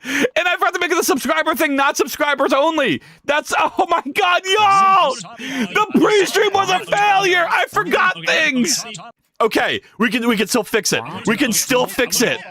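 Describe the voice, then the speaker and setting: A man's voice: extremely high pitch, lively intonation, moderate pace, bright, forceful tone. A man streaming his game development live, talking to chat in a frantic, exclaiming way with a lot of swearing.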